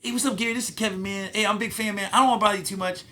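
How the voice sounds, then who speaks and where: Give me a man impersonating a polite young male comedian who apologizes for bothering you, higher and brighter than an easy everyday voice. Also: fairly even intonation, slight background noise. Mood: eager, polite. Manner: quick, deferential, keeps apologizing.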